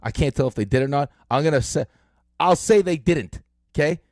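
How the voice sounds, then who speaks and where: A middle-aged man hosting a sports radio show, telling stories in an animated way with lots of fillers, on a close studio mic. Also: fairly high pitch, fairly quick, dry recording. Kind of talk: casual sports talk.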